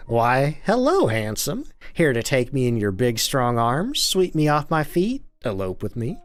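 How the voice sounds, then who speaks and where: Guy doing a saucy southern lady, put-on drawl, flirty and theatrical, lively ups and downs. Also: medium pitch, a little slow, soft background music, voice pushed up. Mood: flirtatious.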